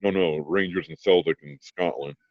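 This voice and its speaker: A man joining a casual sports chat, telling a hockey story in an unhurried way. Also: low-pitched, fairly even intonation, dry recording, muffled recording.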